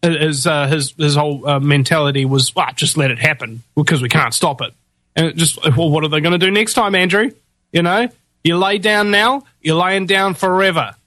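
A man's voice: a little high, moderate pace, bright, forceful tone, no echo. A man hosting a talk show, ranting in heated, indignant commentary full of rhetorical questions and fillers. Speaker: host of a political talk show.

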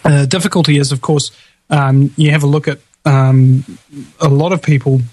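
A man's voice: a little high, steady tone, normal speed, warm tone, no room sound, rough recording. A man hosting a casual online show, rambling with many restarts. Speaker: show host.

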